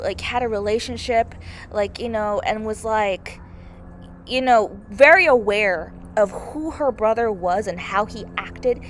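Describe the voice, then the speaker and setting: A young woman giving a casual, gushing movie review, peppered with "like" and "oh my God", over faint background noise. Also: on the high side. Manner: gushing, heavy use of "like" and "oh my God".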